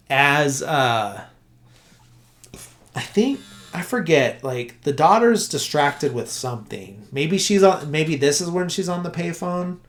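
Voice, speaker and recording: A man's voice: fairly high pitch, a bit bright. Rambling man recapping a film. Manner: rambling, heavy filler words like "uh" and "like"; self-correcting, loses his train of thought. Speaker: podcast host. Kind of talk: casual podcast movie recap.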